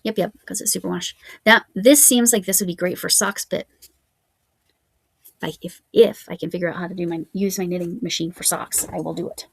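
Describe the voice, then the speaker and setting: A woman's voice: on the low side, fairly even intonation, fairly quick, creaky, breathy edge, no room sound. A woman crochet vlogger chatting casually at home, musing aloud as she reads out yarn labels. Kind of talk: casual show-and-tell chat.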